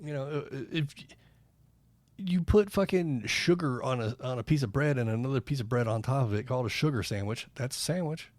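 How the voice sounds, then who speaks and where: A man's voice: mid-range voice, brisk, no room sound. A man co-hosting a casual podcast, telling rambling stories and swearing freely. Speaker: podcast co-host. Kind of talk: casual chat.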